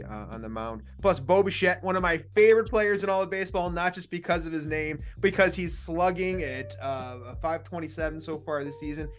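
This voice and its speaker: A man hosting a casual sports betting podcast, chatty and jokey, laughing often. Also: on the high side. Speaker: podcast host.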